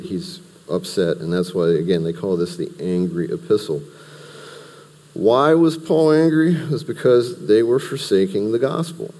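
Deep-voiced man teaching scripture in a hall. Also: dark tone. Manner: conversational, explains verse by verse with restarts and asides. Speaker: Bible teacher. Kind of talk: teaching a Bible study.

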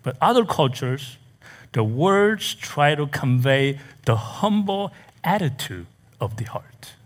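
A man preaching a sermon in a church, reading scripture and explaining it slowly and deliberately. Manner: slow, deliberate preaching with lively pitch swings. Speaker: pastor. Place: church in America.

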